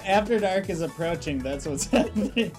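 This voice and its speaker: Playful woman with a lively voice. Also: fairly low pitch, normal speed, over loud music. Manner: chatty, coaxing, playful. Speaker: guest. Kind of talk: casual group banter while gambling. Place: studio.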